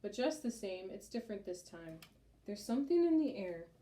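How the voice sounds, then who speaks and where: A fussy, self-important town mayor fills a storybook scene with bluster and bellowing, as a woman puts him on. The voice sits mellow and soft-edged. A roomy echo hangs around each line. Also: medium pitch, sing-song, normal speed, lightly acted. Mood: worried. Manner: bellowing, pompous.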